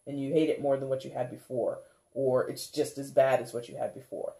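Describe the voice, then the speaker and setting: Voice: mid-range voice, flat delivery, a little fast, dark tone. A tarot reader giving a casual reading, rambling with lots of "like" and "kinda", laughing often and acting out how viewers might react. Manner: chatty, rambling, full of "like" and "kinda".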